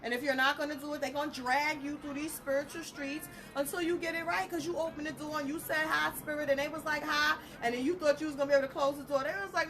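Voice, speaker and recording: A woman, a spiritual reader talking casually to her viewers, animated and blunt, laughing through her stories. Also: high-pitched, fast talker, few pauses, slight background noise. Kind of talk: casual live talk to viewers.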